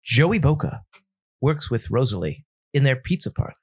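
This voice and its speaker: A man's voice: medium pitch, big pitch swings, moderate pace, slightly rough. A man co-hosting a casual film podcast, bantering playfully and laughing a lot while summarizing a movie. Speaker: podcast co-host.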